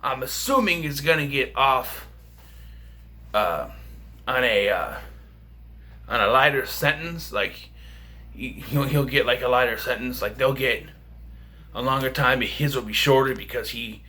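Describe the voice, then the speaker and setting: A man's voice: mid-range voice, a little slow, long pauses, sharp tone. A man casually reviewing a film for a vlog, rambling and chatty with lots of fillers and restarts. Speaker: movie reviewer.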